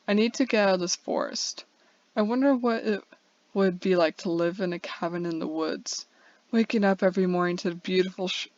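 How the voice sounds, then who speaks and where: A woman's voice: lowish voice, dry recording. Woman narrator, earnest first-person story read, slight slips, dry and dull lo-fi sound. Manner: earnest, with small slips and restarts. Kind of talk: first-person fiction reading. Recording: dull, dry lo-fi home recording.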